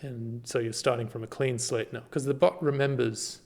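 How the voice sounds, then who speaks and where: Man, screen-recorded tutorial, halting, filler-heavy, mid pitch. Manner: relaxed, halting, many ums and restarts. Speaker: party volunteer giving a tutorial.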